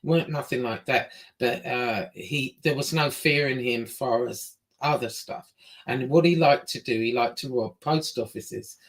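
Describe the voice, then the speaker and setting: English woman, casual storyteller; blunt, swears, acts out the dialogue with lively pitch jumps. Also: a little slow. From England.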